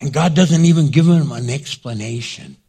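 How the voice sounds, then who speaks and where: A man's voice: a little high, normal speed, dark tone, husky. A male pastor preaching a sermon in a dramatic way, acting out scenes and quotes.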